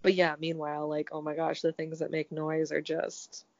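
Woman with a cold, gravelly voice. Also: low voice, completely flat delivery, moderate pace, a little mellow, no echo. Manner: chatty, laughs often, talks to her cat. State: sick with a cold. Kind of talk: casual chat. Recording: dull lo-fi audio.

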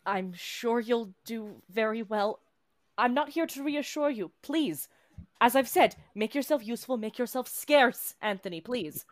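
A woman's voice: fairly high pitch, expressive, a little slow. A woman voicing a cool, imperious vampire lady in a tabletop game, with haughty, clipped commands. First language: not English. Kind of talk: tabletop role-play voicing.

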